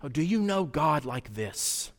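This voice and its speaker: Male pastor, sermon, high voice, conversational, rhetorical questions, reverberant church hall. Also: moderate pace.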